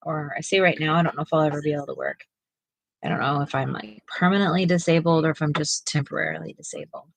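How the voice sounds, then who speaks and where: A woman's voice: low-pitched, steady tone, quick pace, vocal fry, low-quality recording. A middle-aged woman co-hosting a live art stream, chatting casually and rambling with lots of fillers and restarts. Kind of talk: casual chat while painting.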